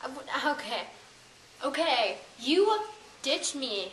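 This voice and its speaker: High, exasperated woman scolding a friend. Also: lively intonation, slow, sharp tone, a little hiss or hum. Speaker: comedy sketch actor. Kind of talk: comedy skit acting. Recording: echoey room.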